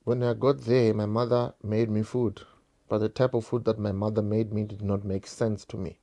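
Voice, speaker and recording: Low, dark South African man storytelling. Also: flat delivery, normal speed. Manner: repeats phrases, keeps addressing viewers as guys. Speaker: vlogger. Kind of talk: emotional personal storytelling to viewers.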